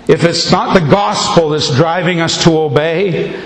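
A man's voice: a little high, normal speed. A male pastor preaching a sermon to his congregation, with an emphatic, repetitive cadence. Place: church sanctuary. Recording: echoey hall, faint ambience.

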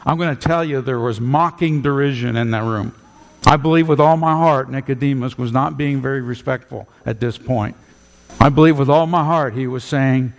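A male pastor preaching a sermon with emphatic, animated delivery in a church. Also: mid-range voice, normal speed, gravelly. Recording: long hall reverb.

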